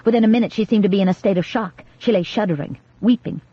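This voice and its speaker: An audiobook narrator giving steady, measured scripted horror narration. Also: medium pitch, no echo. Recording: dull lo-fi dry recording.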